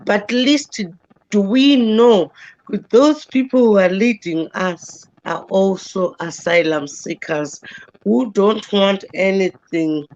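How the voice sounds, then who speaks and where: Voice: mid-range voice, slow pace, darkish tone. Earnest speaker from Zimbabwe, muffled. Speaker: panel guest. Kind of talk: casual discussion.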